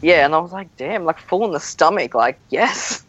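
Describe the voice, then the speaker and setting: Lively, agreeable podcast guest. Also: mid-range voice. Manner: agreeable, quick backchannel replies. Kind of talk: casual chat. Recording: dry, dull lo-fi sound.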